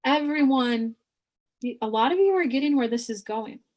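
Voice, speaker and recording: A woman giving a spiritual reading as a psychic medium, animated and acting out quoted voices in her own voice. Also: high voice, normal speed.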